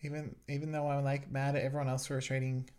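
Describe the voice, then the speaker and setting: A man giving a joking watch-along commentary on a podcast, teasing each scene as it plays. He giggles often and riffs loosely between jokes. His voice sits at an ordinary middle pitch. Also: flat delivery, quick pace, a little mellow, clean tone. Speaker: podcast host.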